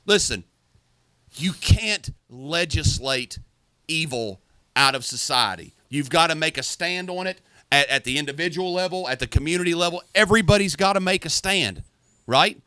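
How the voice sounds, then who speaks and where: A man, a former Marine, co-hosting a podcast in forceful, profane, heated casual talk. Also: a little high, lively intonation, normal speed, clear, resonant tone, no echo. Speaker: podcast co-host.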